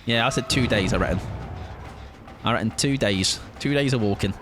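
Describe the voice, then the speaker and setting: A man's voice: mid-range voice, normal speed, background noise. A man streaming a live game, chatting playfully to his viewers while he plays. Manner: chatty and playful, talks to chat while playing. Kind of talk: live gameplay commentary.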